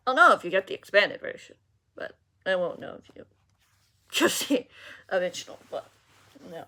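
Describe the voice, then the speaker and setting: A woman's voice: fairly low pitch, a bit bright. A woman author reading her own novel aloud, then chatting casually with viewers with many fillers. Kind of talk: story reading and casual vlog chat.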